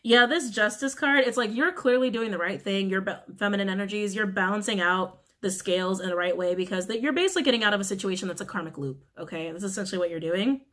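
A woman giving a casual tarot reading, blunt and frank, who curses freely, repeats key phrases and often clears her throat. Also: medium pitch, quick pace, hardly any pauses, fairly bright tone. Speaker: tarot reader.

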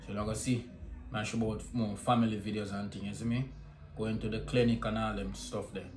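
Speaking briskly in a fairly low, darkish, flat voice, a Jamaican family vlogger talks casually to viewers from home. He keeps asking "you see me?" while music plays behind him in an echoey room.

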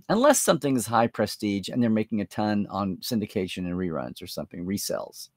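A man's voice: lowish voice, big pitch swings, brisk, no echo, clean studio sound. Chatty man hosting a live stream. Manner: rambling, chatty, thinks aloud with many fillers. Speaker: host. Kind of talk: live-stream chat answering viewer comments.

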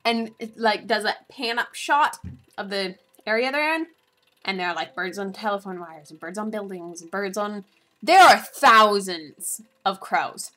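A woman's voice: mid-range voice, measured pace, sharp tone. A woman vlogger giving a rambling, casual recap of a movie, full of asides and giggles.

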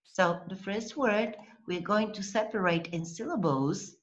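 Slow, patient woman tutoring online. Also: medium pitch, lo-fi sound. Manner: patient, slow, spells out syllables and checks with "okay?". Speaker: language teacher.

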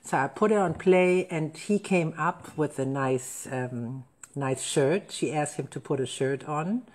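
A woman, a wedding celebrant hosting a casual talk show, telling an anecdote in a lively, self-correcting way. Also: deep voice, measured pace. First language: German. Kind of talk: casual storytelling chat.

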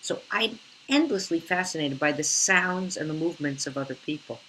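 An older woman, an actress, telling stories in an animated, theatrical way over a video call. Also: low-pitched, moderate pace, slight background noise, rough recording. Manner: theatrical, expressive, slips into character voices. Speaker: actress guest. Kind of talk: animated interview storytelling.

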